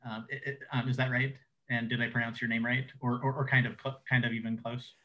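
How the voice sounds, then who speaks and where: A man's voice: mid-range voice, little pitch movement, a little fast, few pauses, pushed and bright, muffled recording. A man hosting a casual interview, stuttering with many repeated words and fillers. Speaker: interview host.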